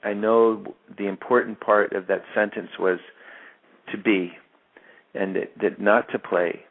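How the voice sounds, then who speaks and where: Deep gravelly man on a phone line. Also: steady tone. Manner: halting, many restarts and repeated words. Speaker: actor being interviewed. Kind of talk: reflective interview storytelling.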